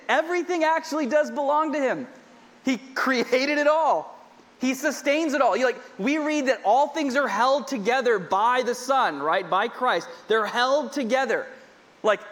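A man's voice: extremely high pitch, fairly bright tone. A man preaching a sermon to a congregation in a conversational way, repeating his points and adding humorous asides. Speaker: pastor. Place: large church hall with a congregation. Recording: long hall reverb.

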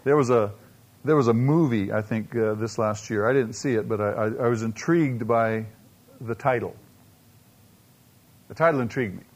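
A man preaching a sermon to a congregation, pressing his points with rhetorical questions, dramatic slow-downs and quiet asides. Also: mid-range voice. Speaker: pastor.

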